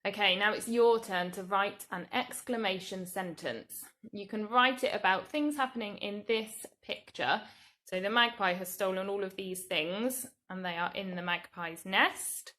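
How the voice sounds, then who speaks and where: An English woman, a primary school teacher, giving a recorded grammar lesson to young children in a slow, clear, patient way. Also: mid-range voice, bright, forceful tone. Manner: slow, clear, patient explaining with drawn-out example words.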